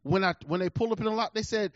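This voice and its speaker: A middle-aged man preaching a sermon and telling a personal story, emphatic, swinging between loud bursts and low asides. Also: quick pace, dry recording. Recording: dull lo-fi recording.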